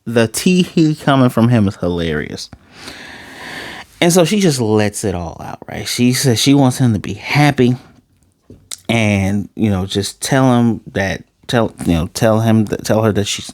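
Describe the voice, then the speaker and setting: A man's voice: fairly low pitch, expressive, measured pace, a little mellow, no room sound. A young man recapping and reviewing an anime episode in a loose, joking, slangy way, swearing freely.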